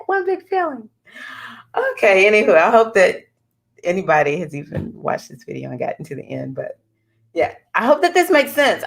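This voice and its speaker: A woman astrologer chats straight to her viewers in an animated way, with sudden bursts of excitement. Her speaking voice sits a little lower than most women's. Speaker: astrologer giving readings. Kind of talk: casual talking-head vlog.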